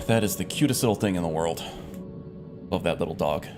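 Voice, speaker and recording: A low-voiced man chats his way through a video game at home, loose and unhurried, trailing off into fillers as he thinks out loud. Background music sits clearly under his voice. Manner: relaxed, rambling with fillers. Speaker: streamer. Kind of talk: casual gameplay commentary. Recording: music playing behind.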